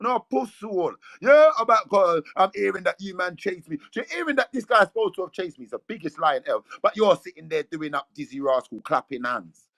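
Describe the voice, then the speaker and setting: A man's voice: sits high, lively intonation, fairly quick, creaky, a bit bright, no room sound. A man with a London accent ranting aggressively in slang, boasting and calling people out. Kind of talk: heated rant.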